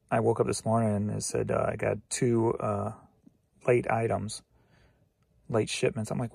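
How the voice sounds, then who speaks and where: A man's voice: fairly low pitch, flat delivery, moderate pace, creaky, long pauses, darkish tone, breathy edge, dry recording. A tired man rambling through a casual solo vlog about his sales, teasing himself and laughing to himself. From St. Louis, Missouri. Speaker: reseller vlogger.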